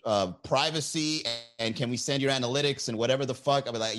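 A man hosting a comedy podcast, talking in a profane, animated, laughing monologue to a live chat. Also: mid-range voice, fast. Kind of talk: casual comedy monologue on a livestream. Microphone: desk mic with mixer.

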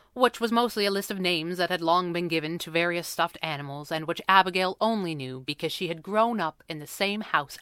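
A woman narrating a storybook in an even, measured way. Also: mid-range voice, no echo, clean studio sound. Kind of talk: storybook reading.

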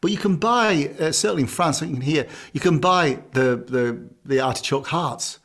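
A man talks in a blunt, jokey way, swearing casually as he chats on a podcast. His voice sits a little high for a man. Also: normal speed, fairly bright tone. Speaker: podcast co-host, chef. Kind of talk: casual chat.

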